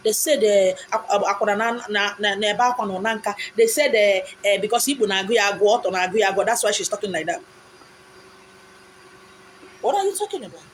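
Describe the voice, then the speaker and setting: A woman with a Nigerian accent delivers a fervent, preachy monologue in a mid-range, animated voice at a quick pace. She piles on rhetorical questions and insistent repetition, slipping in pidgin asides. The audio is poor, with slight background noise.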